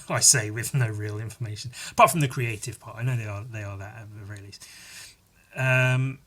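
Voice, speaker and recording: A man's voice: on the low side, moderate pace, a bit bright. A man hosting a solo podcast, rambling and self-mocking and swearing freely. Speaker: podcast host. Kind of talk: casual solo podcast chat.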